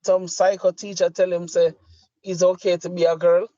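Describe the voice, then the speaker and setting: A man's voice: sits high, level tone, normal speed, warm tone, no room sound. Fired-up Jamaican man ranting. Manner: impassioned, profane, emphatic. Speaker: podcast co-host. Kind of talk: heated opinion rant. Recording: dry, slightly muffled lo-fi audio.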